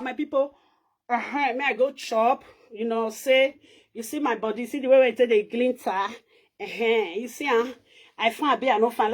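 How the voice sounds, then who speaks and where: Boastful high-voiced woman in Nigerian Pidgin. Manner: boastful, chatty, laughs often. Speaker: vlogger. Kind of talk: casual home-tour live video chat.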